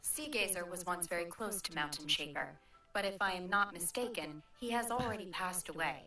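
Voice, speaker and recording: A cool, aloof mountain woman. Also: on the low side. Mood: calm. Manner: calm, cool and measured. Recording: distant echoey game audio with music.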